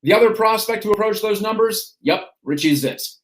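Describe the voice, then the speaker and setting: A man hosting a stream, reading an autobiography aloud in a steady storytelling way. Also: sits high, moderate pace. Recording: roomy echo.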